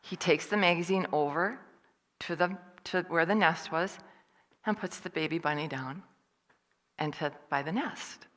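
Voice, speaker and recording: A woman speaking at a church service, telling a personal story in a lively way and acting out what other people said. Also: on the low side, measured pace, big-room sound. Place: church hall.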